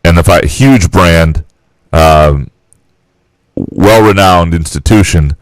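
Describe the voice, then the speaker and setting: A man co-hosting a podcast, chatting casually and giving brisk, opinionated takes on sports. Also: sits low, no room sound, low-quality recording. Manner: brisk, opinionated, thinking aloud. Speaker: podcast co-host.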